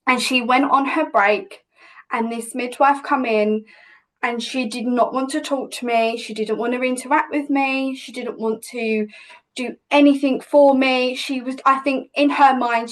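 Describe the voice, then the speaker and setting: Animated woman telling a story. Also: a little high, rough recording. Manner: animated, vivid retelling with many restarts. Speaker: podcast guest, hypnobirthing teacher. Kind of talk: casual personal storytelling.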